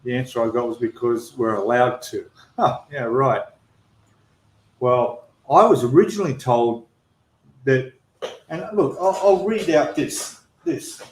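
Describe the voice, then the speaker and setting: An Australian man talks at a middle pitch, venting with emphatic frustration and often restarting his sentences. His voice carries a noticeable roomy echo, as if from a bare room on a live stream. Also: lively intonation, a little slow, long pauses. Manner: exasperated, emphatic complaining with repeated restarts. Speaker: channel host.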